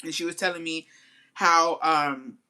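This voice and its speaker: A woman's voice: deep voice, unhurried. A young woman from Texas telling a personal story in a casual, profane, slangy way. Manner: profane, slangy, animated retelling. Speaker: storytime vlogger.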